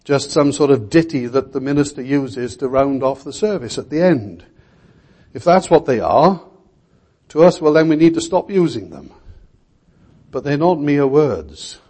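A man's voice: a little high, expressive, measured pace, warm tone. An older man preaching a sermon in an earnest, emphatic way, repeating key words.

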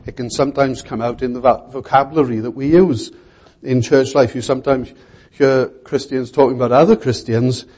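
Preaching an expository sermon, a man speaks in a mid-range voice that is mellow and husky, with fairly even intonation. He keeps a measured delivery and continually puts rhetorical questions to his audience.

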